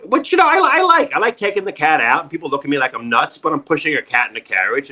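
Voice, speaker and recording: A man's voice: a little high, pushed and bright. A man, an acting coach, telling self-mocking comic stories in an interview, laughing often and acting out the voices he quotes, on a video call.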